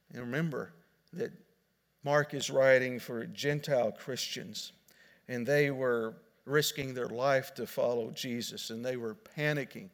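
A man's voice: medium pitch, steady tone, unhurried. A male pastor preaching a sermon in an earnest, explaining way, often restarting and repeating words. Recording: long hall reverb.

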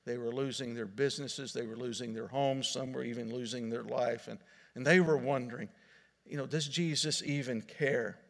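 A man's voice: mid-range voice, fairly even intonation, fairly quick, creaky. A male pastor preaching a sermon in an earnest, explaining way, often restarting and repeating words. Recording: long hall reverb.

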